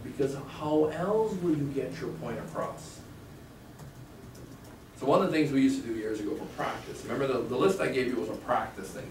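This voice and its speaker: A man's voice: mid-range voice, distant mic. A man teaching a live real estate sales class, talking conversationally and quizzing the class with questions. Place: training room with a live class. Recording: echoey room from afar with clear background noise.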